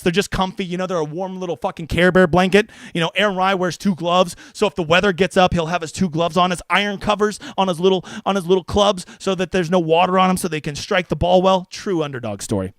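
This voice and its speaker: A man doing casual livestream commentary with a brash, jokey edge and plenty of swearing. He talks fast in a fairly high voice and gets excitable. The sound is dry and close. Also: smooth, no room sound. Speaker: fantasy golf streamer.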